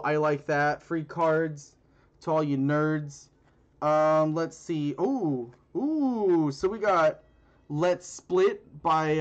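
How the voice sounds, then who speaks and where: Rambling man on a dull lo-fi phone recording. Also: a little high. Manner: rambling, crude jokes, many fillers. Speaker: channel host. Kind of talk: casual card-opening commentary.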